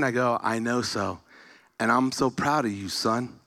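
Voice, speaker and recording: Male preacher, bright tone, lively personal storytelling sermon. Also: mid-range voice, moderate pace. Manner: animated storytelling, acting out dialogue. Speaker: speaker.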